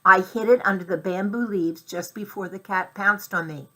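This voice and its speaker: Storybook mouse, young male, plucky, indignant, eager, bright tone, raised pitch, as a woman reads him. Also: moderate pace, natural voice. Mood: dignified. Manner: eager, pleading, sputtering.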